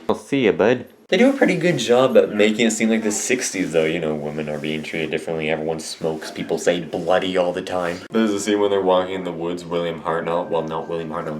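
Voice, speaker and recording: A man giving a casual, rambling and jokey review of a show at home, often correcting himself. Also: low voice. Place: at home with a cat on his lap.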